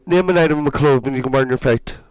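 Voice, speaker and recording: A Northern Irish man, a drag performer guesting on a podcast, quick to laugh in casual chat. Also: medium pitch, darkish tone, poor audio.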